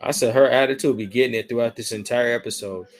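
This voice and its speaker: A man's voice: medium pitch, steady tone, quick pace. A man co-hosting a casual podcast, talking in slang with profanity, laughing often and acting out lines from a cartoon. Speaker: podcast co-host. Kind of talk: casual chat recapping a cartoon episode.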